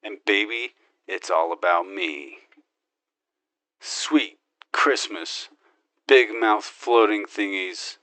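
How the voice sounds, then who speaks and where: A man's voice: fairly low pitch, takes it slowly, pauses often, bright, forceful tone, dry recording. A man voicing a cocky, gun-loving male space marine hero who brags, wisecracks and makes his own gun sound effects in an in-character game monologue.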